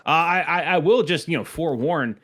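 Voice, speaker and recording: A man's voice: on the high side, fairly quick, fairly bright tone. Rambling, jokey male podcast co-host. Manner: jokey, rambling, laughs at bits. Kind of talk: casual chat.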